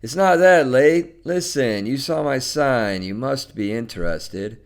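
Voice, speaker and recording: A man's voice: mid-range voice, animated, a little slow, pitched above the performer's own voice. A man reading a story, voicing a balding, lonely middle-aged man who talks curtly and pushes insistently. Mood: coaxing. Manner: curt, insistent, coaxing.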